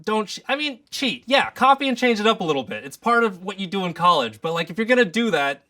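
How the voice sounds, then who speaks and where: Animated, profane young male storyteller. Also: sits high, quick pace. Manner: animated, profane, acts out both sides of conversations. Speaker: comedian telling a story. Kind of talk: storytelling comedy.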